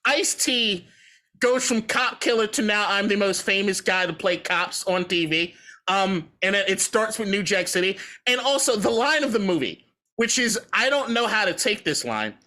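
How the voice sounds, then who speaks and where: A man's voice: high voice, animated, moderate pace, pushed and bright. A man co-hosting a podcast, rambling through profane, opinionated movie talk in a casual debate. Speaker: podcast co-host.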